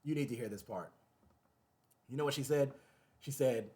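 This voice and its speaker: Talking at a normal speed with long pauses, a mid-range-voiced man hosts his own show, addressing the camera in a loose, lively way. He says things more than once and keeps slipping into laughter.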